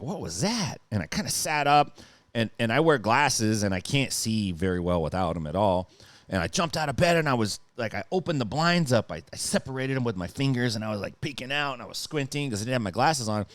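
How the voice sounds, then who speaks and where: Animated storytelling man, lively swooping voice. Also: mid-range voice, dry recording. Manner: profane, rambling, lots of fillers and sound effects. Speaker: podcast guest.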